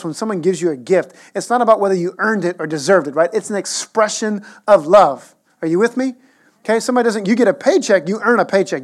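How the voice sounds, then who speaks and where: A man in his thirties preaching a sermon as a pastor, conversational and animated, with playful asides. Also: high voice.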